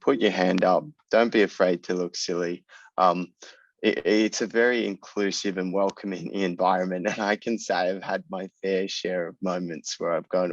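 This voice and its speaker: Deep-voiced Australian man, reflective. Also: flat delivery, moderate pace, no echo, muffled recording. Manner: reflective, self-deprecating. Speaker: student panelist. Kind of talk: panel discussion.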